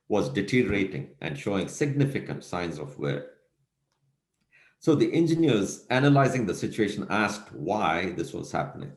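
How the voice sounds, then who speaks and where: A male lecturer with a low voice that rises and falls a lot as he tells a story. He keeps asking his listeners rhetorical questions. The sound rings a little, as in an echoey room. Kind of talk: recorded lecture.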